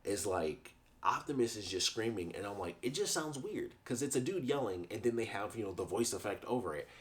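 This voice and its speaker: A young man talks through a review in a casual, meandering way. His voice sits on the low side. He laughs easily and circles back over his points. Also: animated, a little fast. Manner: chatty, rambling, laughs often. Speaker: YouTube reviewer.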